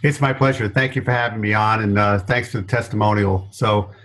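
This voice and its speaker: A middle-aged man with a faint New York accent, a guest telling stories in an interview, animated and self-deprecating, laughing often. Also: on the low side, a little fast, low-quality recording. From New York area. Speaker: guest consultant. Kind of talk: storytelling interview answers.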